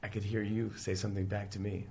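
A man quoting a grieving grown son who talks haltingly and softly to his late father. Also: on the low side, little pitch movement, creaky, a little hiss or hum. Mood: tender.

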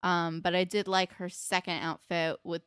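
A woman's voice: on the low side, level tone, moderate pace, a bit bright, smooth, no echo, clean studio sound. A young woman co-hosting a podcast, chatting casually as she recaps a TV episode with many fillers. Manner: chatty, filler-heavy, acts out quotes. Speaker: podcast co-host.

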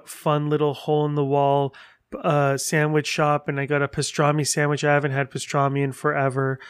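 A man hosting a solo podcast, chatting in an animated, rambling way and gushing as he tells stories. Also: a little high. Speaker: podcast host. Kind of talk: casual solo podcast update.

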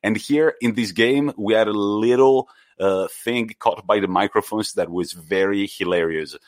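Low-voiced man chatting football. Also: moderate pace, no echo. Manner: animated storyteller, acts out quotes. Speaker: podcast co-host. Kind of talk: casual football chat.

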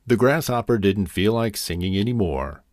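A man narrating a children's fable as a storyteller, with a gentle, expressive reading. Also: on the low side, moderate pace, dry recording, clean studio sound.

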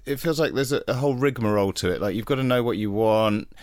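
A man's voice: fairly low pitch, fast, a little mellow, dry recording. A man hosting a podcast, chatting casually in a rambling, wry, self-deprecating way. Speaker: podcast host. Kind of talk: casual chat.

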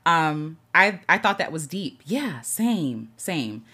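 A woman from the United States talks earnestly on a casual livestream from home, her voice sitting a little low. Her pitch swings freely as she greets viewers and reads their comments aloud. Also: very animated, moderate pace, hardly any pauses, sharp tone. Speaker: livestream host. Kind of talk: casual impromptu livestream chat.

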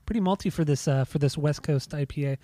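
A man's voice: fairly high pitch, quick pace, mellow, no echo, studio quality. A man co-hosting a podcast, chatting casually and laid-back, swearing and teasing as he talks. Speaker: podcast co-host. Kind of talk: casual chat.

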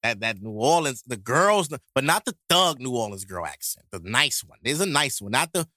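Podcast co-host, New man, lively crude banter, pitch jumps all over, dry close sound. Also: normal speed, no echo. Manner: animated, crude, joking banter. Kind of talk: casual podcast chat.

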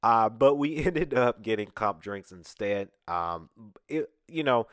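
Unhurried and medium-pitched, the Atlanta-based podcast host shares a story in relaxed chat, animatedly impersonating the people he quotes. The sound is clean, straight from a studio podcast mic in a recording studio, with no room noise.

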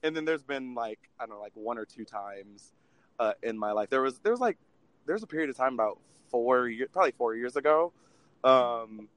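A man's voice: medium pitch, brisk, a bit bright, no echo. A man co-hosting a podcast, telling a story in casual chat, laughing often and using many fillers. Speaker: podcast co-host.

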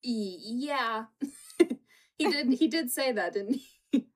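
A woman's voice: a little high, animated, slow. Giggly young-sounding woman recapping TV. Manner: giggly, retells scenes with quoted voices. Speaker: podcast co-host. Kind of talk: casual chat recapping a reality show. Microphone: home setup with green screen.

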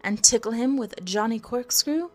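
Smee, a woman doing a meek, higher-voiced pirate sidekick. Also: moderate pace, a little mellow, faint music behind, natural voice. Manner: meek and wheedling. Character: timid, rather stupid male pirate boatswain. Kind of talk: storybook reading.

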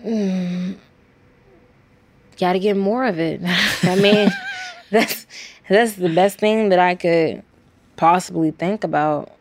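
A woman in her twenties from Washington, D.C., a college student speaking candidly and quickly in an interview, acting out the exchanges she retells. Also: on the low side. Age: 20s. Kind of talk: recorded interview.

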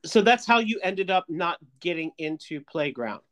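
A man's voice: high voice, expressive, moderate pace, a bit bright. A man hosting a podcast in casual chat, playful and teasing with camp asides. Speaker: podcast host.

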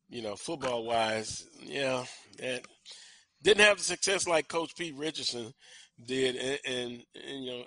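A man hosting a casual chat, talking in halting bursts with many restarts. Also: mid-range voice, pushed and bright, dry recording. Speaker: host.

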